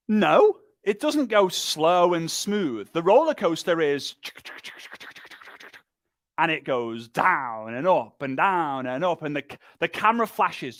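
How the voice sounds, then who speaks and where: A man giving an energetic, emphatic motivational training talk, full of repetition and quick mimicry. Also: sits high, no echo, studio quality. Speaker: speaker and business trainer.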